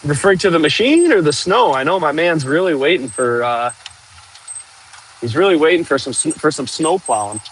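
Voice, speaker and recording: A man hosting a casual outdoor livestream, chatting and joking with viewers while clearing trees with a machine. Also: fairly high pitch, animated, normal speed, a little hiss or hum, low-quality recording. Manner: chatty, jokey, talks to viewers while working. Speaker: livestream host.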